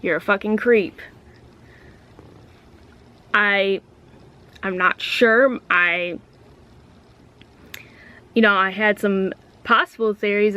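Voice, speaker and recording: A woman's voice: medium pitch, pushed and bright. A woman vlogger talking to camera in a casual, ranty way, blunt and full of swearing. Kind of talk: casual ranting vlog.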